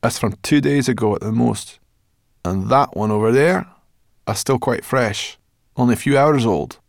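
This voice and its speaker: A man's voice: medium pitch, normal speed, creaky, no echo, studio quality, voice pushed up, lightly acted. A man voicing a feisty, stubborn female forest brownie who talks bluntly and insistently.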